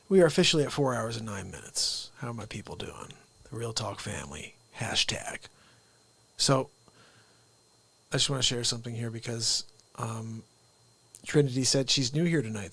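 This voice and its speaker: A man's voice: medium pitch, moderate pace, vocal fry, a bit bright, husky, dry recording. A man hosting a live comedy stream, talking in a rambling, joking way that turns earnest. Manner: rambling, jokey, earnest asides. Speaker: livestream host and impressionist. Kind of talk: unscripted live comedy monologue.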